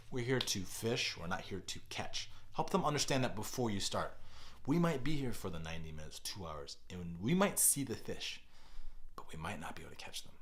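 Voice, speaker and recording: A middle-aged man, a kids pastor, giving parenting advice on a podcast with deliberately exaggerated, energetic delivery. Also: deep voice.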